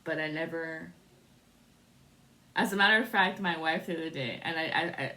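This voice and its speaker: A woman's voice: low voice, moderate pace, bright, forceful tone. A woman giving a spiritual tarot reading to camera, talking in a rambling, musing way and often breaking into laughter. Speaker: tarot reader.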